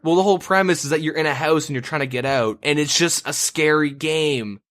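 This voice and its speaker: A man's voice: on the high side, a little fast, fairly bright tone, no room sound, studio quality. Swearing, rambling man telling a story. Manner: profane, rambling, lots of fillers. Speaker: podcast co-host. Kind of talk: casual banter, storytelling.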